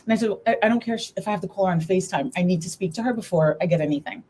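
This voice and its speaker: A middle-aged woman with a slightly low voice tells her story as a guest on a live talk show. She speaks with emotion close to the surface, fighting back tears as she goes on. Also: very fast, mellow, slightly rough. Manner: tearful, holding back emotion while telling her story.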